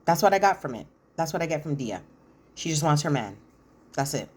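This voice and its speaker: Her voice is low-pitched with a breathy edge, and she speaks fairly quickly. She's a woman recapping a reality show, animatedly retelling scenes with strong opinions, casual slang asides included.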